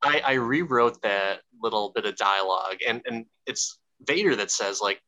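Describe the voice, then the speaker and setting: Low, bright-voiced man ranting casually. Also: moderate pace, rough recording. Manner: rambling, profane, full of restarts. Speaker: podcast co-host. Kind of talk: casual chat.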